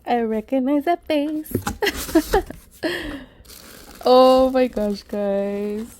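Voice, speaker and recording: A woman vlogger chatting excitedly as she unboxes gift mail, calling out to her viewers often. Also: fairly high pitch, extremely slow, pauses often. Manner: excitable, says "guys" constantly. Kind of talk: casual unboxing chat.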